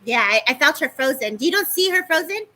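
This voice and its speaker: High, bright-voiced woman giving fast psychic readings. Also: animated, slight background noise, rough recording. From California. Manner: fast, affectionate, addresses listeners as baby and babes. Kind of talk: live-stream psychic reading. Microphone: live-stream microphone.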